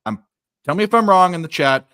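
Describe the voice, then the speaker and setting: A man's voice: sits high, animated, fairly quick, pushed and bright, clear, resonant tone, no echo, studio quality. A man co-hosting a live sports betting stream, rambling and swearing, breaking off to react to the games. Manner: rambling, profane, jokey, stops to react to games. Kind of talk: casual live-stream chat. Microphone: desk microphone.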